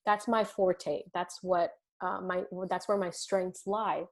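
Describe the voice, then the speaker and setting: A woman's voice: on the low side, fairly even intonation, takes it slowly. A young woman from India with an American accent, co-hosting a casual podcast and telling stories in an earnest, reflective way. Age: young adult. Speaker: podcast co-host. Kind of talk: casual chat.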